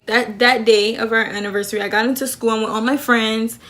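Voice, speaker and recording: A young woman vlogger chatting through a personal story time, animated and talkative, acting out what people said. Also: on the high side, brisk. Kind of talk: storytime vlog.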